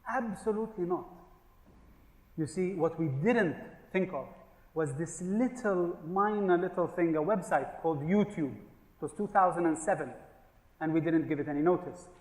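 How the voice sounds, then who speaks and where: At normal speed and with a fairly high pitch, a conference speaker gives a humorous business keynote. His storytelling comes with jokes and rhetorical questions for the audience, and the large hall adds a long, echoey reverb.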